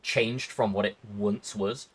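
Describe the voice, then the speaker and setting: A man's voice: lowish voice, steady tone, slow, slightly rough. A young man hosting a stream interview, joking, profane and rambling in casual chat. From Britain. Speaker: stream host.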